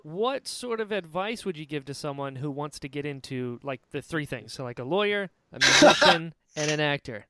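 A man hosting a podcast interview, talking encouragingly and quickly agreeing with his guest. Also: fairly high pitch, expressive, bright, forceful tone. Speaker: podcast host. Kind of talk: casual interview chat.

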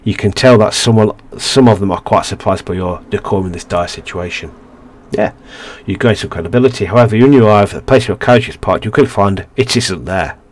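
A man's voice: fairly low pitch, fairly quick. A man hosting a let's play, reading a narrative game's story aloud with frequent stumbles and restarts.

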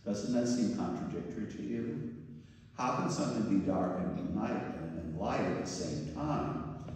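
A man's voice: lowish voice, unhurried, darkish tone. An older man, a priest, giving a mission sermon full of anecdotes and playful imitations of voices. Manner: storytelling, mimics voices and groans for humor. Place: large church. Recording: echoey church hall from far off.

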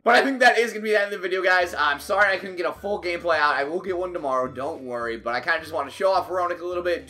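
A young man commentating his own hockey video game match, getting excitable and frustrated at the game. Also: a little high. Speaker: gaming YouTuber. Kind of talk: live gameplay commentary.

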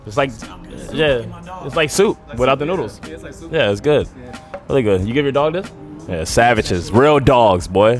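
A man of middling pitch talks hype and slang, tossing out sayings like sage advice. Faint music sits behind him. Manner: hype, slangy, drops wisdom lines. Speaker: guest in the shop. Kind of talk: casual chat. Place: sneaker store.

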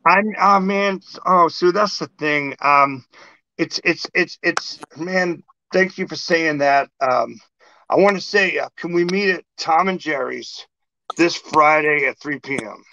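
Middle-aged guy hosting, raspy fry in his voice, kinda high, dull lo-fi sound. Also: unhurried, a little hiss or hum. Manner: animated storyteller acting out exchanges. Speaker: podcast host. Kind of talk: casual chat.

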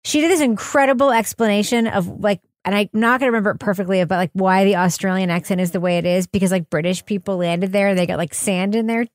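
A woman's voice: medium pitch, steady tone, quick pace, few pauses, dry recording, clean studio sound. A woman hosting a podcast in casual chat, giggly and rambling, often laughing at herself. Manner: giggly, rambling, self-deprecating. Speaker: podcast host.

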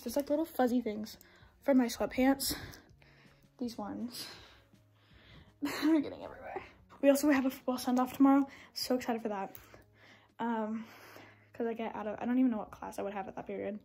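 A woman's voice: fairly high pitch, lively intonation, a little fast, long pauses, mellow, breathy edge, dry recording. A teenage girl, chatting in a rambling, filler-heavy way while vlogging into her phone from her car. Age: teens. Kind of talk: casual vlog chat. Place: inside a parked car. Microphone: phone camera.

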